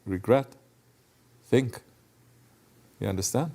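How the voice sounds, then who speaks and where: Low gravelly man giving a Sufi talk. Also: lively intonation, normal speed, warm tone. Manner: conversational, asks listeners questions, searches for words. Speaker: Sufi teacher. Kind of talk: sermon.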